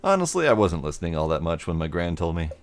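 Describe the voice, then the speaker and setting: A man's voice: sits low, very animated, fast. A man voicing a sulky, sarcastic eighteen-year-old witch, reading game dialogue in his own dry voice. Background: faint game music.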